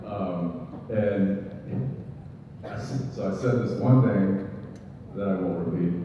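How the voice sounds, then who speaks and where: Low-voiced man in an echoey hall. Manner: laid-back, halting storytelling with many fillers. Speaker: actor on convention panel. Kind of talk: casual anecdote on stage. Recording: echoey hall, distant, dull lo-fi, noisy.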